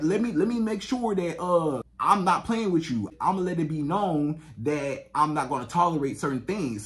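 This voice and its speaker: Black dude coaching on dating, talks blunt and emphatic, repeats his catchphrases, kinda higher voice. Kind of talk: direct-to-camera advice monologue.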